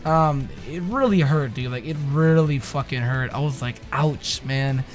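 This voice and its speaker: A young man giving a casual, slangy anime episode review, swinging between loud excited outbursts and low mumbles. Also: unhurried, faint music behind.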